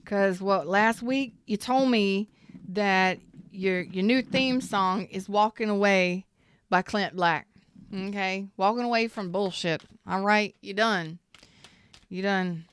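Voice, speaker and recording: A woman who hosts a tarot channel gives a casual, salty reading, talking straight to her viewers and calling them y'all in a chatty way. Her mid-range voice is clean and measured, recorded at studio quality with no echo.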